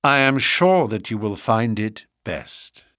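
A man voicing a brilliant gentleman detective who explains things gravely and precisely. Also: fairly low pitch, expressive, slow, no room sound, clean studio sound, full character voice.

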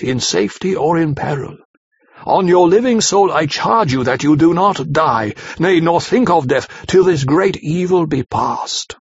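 List: a man doing a fatherly old professor, solemn, slow and pleading, raised husky voice, dull recording. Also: fairly high pitch, no echo, pitched above the performer's own voice, full character voice. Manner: slow, grave, pleading delivery.

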